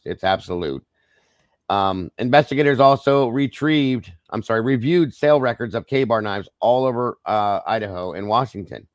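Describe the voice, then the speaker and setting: A man's voice: medium pitch, no echo, clean studio sound. A man hosting a true crime livestream, reading reports aloud and commenting casually to his viewers, his voice strained. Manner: conversational, addresses viewers as guys, frequent okays and apologies. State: voice strained, trying not to lose it. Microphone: streaming microphone.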